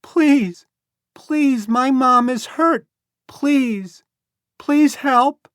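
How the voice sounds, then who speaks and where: A man voicing a frightened eight-year-old boy lost in tall grass, calling out in high pleading cries. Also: extremely slow, fairly bright tone, clear, resonant tone, no echo, studio quality, heavily acted. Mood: desperate.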